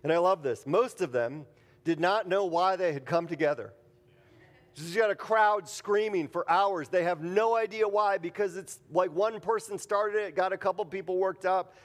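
A man's voice: sits high, normal speed. A man preaching a conversational sermon, mixing scripture reading with jokey everyday stories. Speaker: pastor. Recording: long hall reverb.

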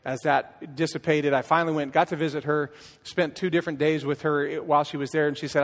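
A man's voice: on the high side, steady tone, brisk. A middle-aged man, a worship leader, giving a personal testimony from a church stage, telling it as a story with acted-out dialogue and frequent restarts. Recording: long church hall reverb.

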